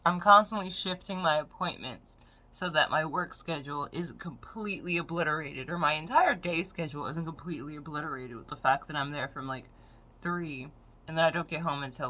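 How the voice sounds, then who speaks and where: A woman's voice: low-pitched, pushed and bright. A woman in her late twenties ranting frankly and with plenty of swearing in a casual vlog. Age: 20s. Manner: frank, profane, exasperated storytelling. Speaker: vlogger. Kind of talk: casual rant to camera.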